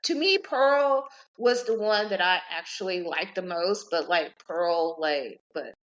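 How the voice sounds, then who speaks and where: Speaking at a measured pace in a lowish voice, a forty-something woman delivers a chatty, profane, meandering rant as a podcast host. The recording is muffled.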